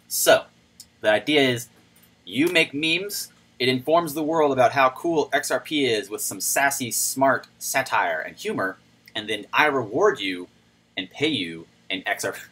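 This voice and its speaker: Bright-voiced chatty livestream host man. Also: medium pitch, breathy edge, low-quality recording. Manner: chatty, rambling, greets viewers by name. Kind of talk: casual livestream chat reading viewer comments.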